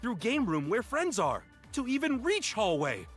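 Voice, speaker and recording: A simple, gentle giant who talks broken. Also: male voice, high-pitched, wildly swooping pitch, moderate pace, soft background music, heavily acted. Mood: earnest. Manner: speaks of himself by name, broken grammar.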